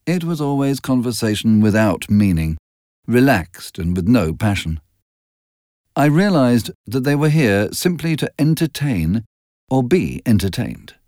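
Slow, expressive male storyteller. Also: mid-range voice, dry recording, clean studio sound. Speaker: audiobook narrator. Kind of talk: storybook narration.

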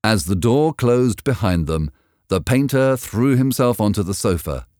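A man narrating a story in a measured, expressive reading. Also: lowish voice, dry recording, clean studio sound.

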